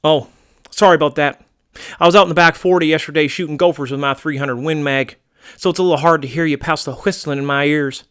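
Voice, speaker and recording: A man's voice: a little high, fairly even intonation, fast talker, fairly bright tone, clean tone, natural voice. A man doing a brash, gun-loving rural guy. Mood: blustering. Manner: blustering, crude and folksy. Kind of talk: comedy sketch acting.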